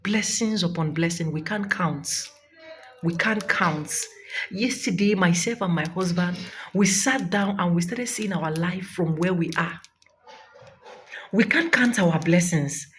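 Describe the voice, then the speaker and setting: A woman's voice: on the low side, measured pace, slight background noise. A young Nigerian woman vlogging a fervent, preachy testimony of thanks, close to tears. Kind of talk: emotional testimony vlog.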